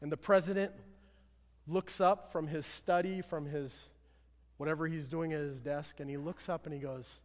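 A man's voice: fairly even intonation, normal speed. Earnest preaching man in a reverberant hall. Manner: earnest preaching, swelling louder then dropping low. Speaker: pastor. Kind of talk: sermon.

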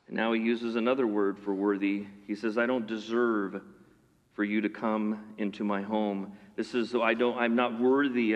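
A man preaching a sermon in an animated way, acting out the voices of the people in his story. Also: medium pitch. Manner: animated, acts out voices of characters. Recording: long hall reverb.

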